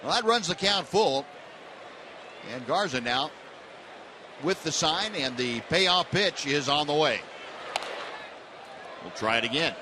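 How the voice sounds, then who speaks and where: A male baseball play-by-play announcer calling the game in a relaxed, conversational way with frequent fillers, over stadium crowd noise. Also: a little high, slow pace, pauses often. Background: ballpark crowd.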